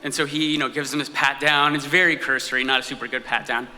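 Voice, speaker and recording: A man performing a live personal story on stage, telling it in an animated, comic way with acted-out asides. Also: mid-range voice, quick pace, in a large hall. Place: stage in an event hall.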